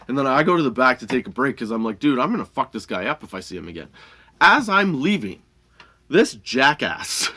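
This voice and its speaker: A man's voice: medium pitch, sharp tone. A man hosting a comedy podcast, telling a workplace story in a heated, profane, rambling way, often laughing between lines. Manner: rambling with many restarts and fillers. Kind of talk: casual storytelling monologue.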